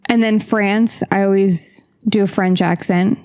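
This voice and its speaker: A woman co-hosting a podcast, chatting casually in an animated, playful way. She jokes with her friends and slips into mock flirtiness. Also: medium pitch, unhurried. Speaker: podcast co-host. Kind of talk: casual chat.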